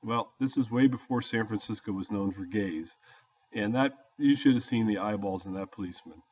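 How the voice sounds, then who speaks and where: A man's voice: lowish voice, normal speed, a little mellow, husky. An older man casually telling a story from his youth in a folksy, plain-spoken way. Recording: dull lo-fi audio.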